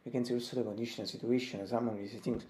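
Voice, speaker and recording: A man's voice: mid-range voice, steady tone, quick pace, warm tone, slight background noise. Hesitant man with an Italian accent. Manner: hesitant, many fillers and restarts. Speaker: vlogger giving a daily weather report. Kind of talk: casual daily video diary.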